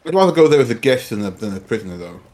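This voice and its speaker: A man's voice: medium pitch, big pitch swings, rapid-fire, a little mellow. A man playing a tabletop game, joking and swearing in casual chat. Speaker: player.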